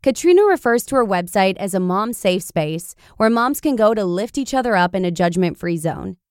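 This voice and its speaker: A woman podcast host reading a blog post aloud in an expressive, animated storytelling manner. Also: medium pitch, moderate pace, smooth, dry recording, clean studio sound.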